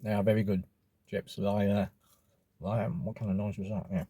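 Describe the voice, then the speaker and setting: Laid-back Australian guy reviewing food, low dark voice, dry close sound. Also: level tone, moderate pace, husky, no room sound. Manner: rambling, laid-back, swears casually. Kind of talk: casual food review vlog.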